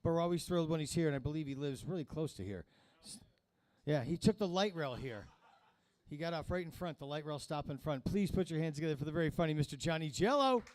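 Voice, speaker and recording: A man's voice: a little high, lively intonation, fast talker, a little mellow. A man in his fifties hosting a small comedy show, introducing acts with crude, rambling jokes. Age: 50s. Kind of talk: stand-up emcee banter.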